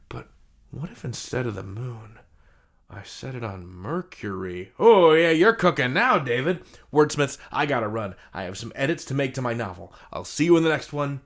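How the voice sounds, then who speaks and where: A man's voice: mid-range voice, fairly bright tone. A man teaching a vocabulary lesson in a playful, jokey, theatrical scripted style.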